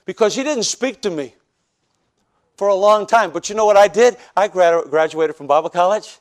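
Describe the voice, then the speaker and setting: Male pastor from the northern US, high-pitched, animated testimony preacher who jokes and acts out scenes. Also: normal speed. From northern United States. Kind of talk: preaching a personal testimony sermon.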